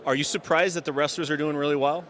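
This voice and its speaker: A man asking quick, playful interview questions on the spot at an event. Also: a little high, steady tone, a bit bright. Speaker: roving interviewer.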